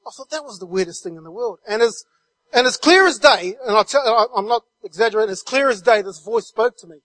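A man shares his testimony as a guest speaker. His voice sits high, and the sound is dry and close. He tells the story vividly, linking his phrases with a stream of repeated "and"s. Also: expressive, fast, a bit bright, no echo. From New Zealand.

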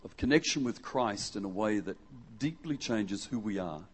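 A husky-voiced man from Western Australia preaches in a relaxed, joking way to a congregation in a church hall. His comes through as he chats with the crowd. He acts out the words of the people in his stories. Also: on the low side, moderate pace. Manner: jokey and conversational, acts out quotes. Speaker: guest preacher. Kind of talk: lively sermon with audience interaction.

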